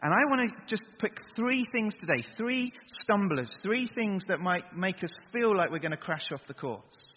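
A man preaching a lively sermon to young people, getting them to chant along. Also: sits high, moderate pace, hardly any pauses, breathy edge. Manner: energetic, gets the crowd to chant along. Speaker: youth preacher. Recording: dull echoey hall recording.

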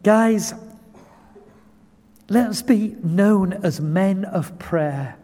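A man's voice: sits high, takes it slowly, dark tone. A man preaching a sermon, earnest and building to impassioned pleading. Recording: long hall reverb.

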